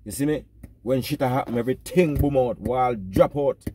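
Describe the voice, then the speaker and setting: A man's voice: medium pitch, normal speed, slight background noise. Jamaican man ranting, calling everyone brother. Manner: repeats "brother" rhythmically, animated and preachy. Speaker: comic vlogger pastor persona. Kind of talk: rambling comic rant in patois.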